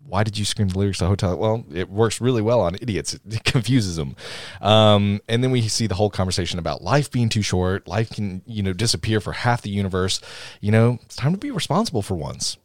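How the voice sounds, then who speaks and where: A man, co-hosting a casual movie podcast. His pitch swings widely as he laughs and acts out scenes. The sound is dry and close. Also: a little fast, no echo. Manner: animated, laughs often, acts out movie lines. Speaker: podcast co-host. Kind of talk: casual movie review chat.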